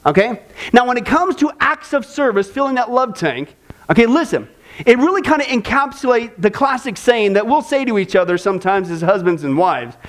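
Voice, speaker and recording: A male pastor delivering a sermon with a strikingly high voice for a man. He talks in an emphatic, chatty way. He keeps pulling his listeners in with quick asides and checks. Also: expressive. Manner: emphatic, repeats "listen" and "okay?".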